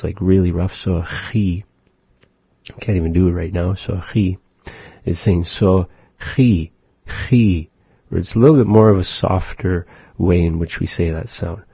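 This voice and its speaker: A man teaching a language lesson, patiently explaining and slowly demonstrating how sounds are made. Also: low-pitched, dark tone, husky, no echo.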